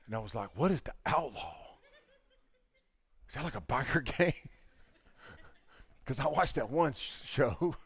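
A man's voice: medium pitch, a little slow, pauses often, breathy edge, no echo. A man preaching a conversational sermon, acting out everyday dialogues to make his point. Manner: animated storytelling, mimics people in dialogue. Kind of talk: conversational sermon with acted-out anecdotes.

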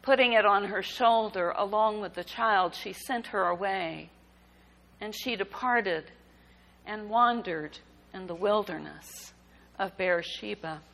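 A woman preaching a sermon, reading scripture and reflecting on it in a measured, emphatic way. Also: mid-range voice, vocal fry, fairly bright tone, rough recording. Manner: slow, deliberate preaching with emphatic rises.

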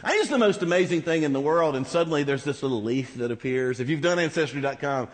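A fast-talking pastor with a slightly high, animated voice preaches to his congregation, tossing in rhetorical asides in a conversational style. The setting is a large church hall, and the recording echoes accordingly.

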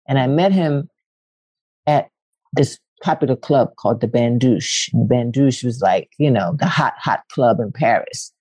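Animated storytelling woman from Philadelphia. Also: slightly rough, dry recording. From West Philadelphia, USA. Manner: animated, acts out quotes with big pitch leaps, casual swearing. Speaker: guest, poet and actress. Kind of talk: candid storytelling conversation.

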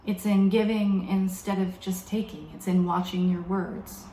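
Woman giving a sermon, calm and thoughtful, slows on the big words, echoey room w/ faint hum behind. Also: mid-range voice. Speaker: preacher.

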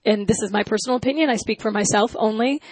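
A middle-aged woman chatting casually as a guest, telling stories with lively energy and acting out quoted lines. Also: fast, no room sound, poor audio. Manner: animated storyteller, acts out quotes in high voice. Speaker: talk show guest, news journalist. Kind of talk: casual chat.

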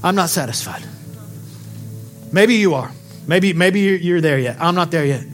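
A male pastor preaching a sermon to his congregation, passionate and full of questions, dropping quiet and then building up to shouts. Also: on the high side, expressive, moderate pace, soft background music. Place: church sanctuary.

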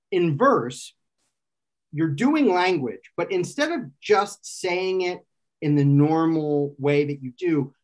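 A man explaining an idea in casual conversation, thinking aloud and often restarting and correcting himself. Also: on the high side. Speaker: guest expert explaining philosophy.

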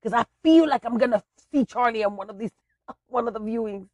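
A woman's voice: darkish tone, no room sound, clean studio sound, lightly acted. A woman voicing her older father as a bewildered, stubborn man who stalls on "eh" fillers and insists he is right. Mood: insistent. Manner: pitched up, halting with "eh" fillers.

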